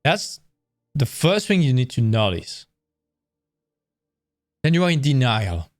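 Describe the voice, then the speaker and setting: A man's voice: mid-range voice, big pitch swings, normal speed, long pauses, dry recording, studio quality. A man giving a casual livestream presentation of career advice, blunt and candid, swearing freely and acting out quoted lines in a raised voice.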